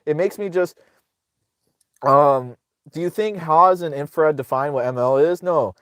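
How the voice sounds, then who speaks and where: Man, higher voice, dry close sound, sarcastic profane host ranting off the cuff. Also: measured pace, a bit bright, smooth, no room sound. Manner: sarcastic, profane, rambling with many restarts. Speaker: political commentator host. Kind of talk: casual ranting livestream commentary.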